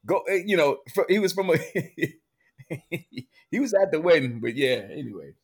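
Man, casual chat, lively swooping pitch, slightly high voice, stammers and laughs. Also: measured pace, slightly rough. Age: adult with children. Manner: animated storytelling, frequent laughter, stammering restarts.

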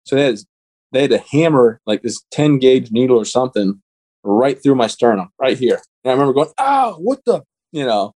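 Guy in his 30s, blunt matter-of-fact storytelling, talks fast, plain middle voice. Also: mid-range voice, dark tone. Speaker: guest. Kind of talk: personal storytelling in an interview.

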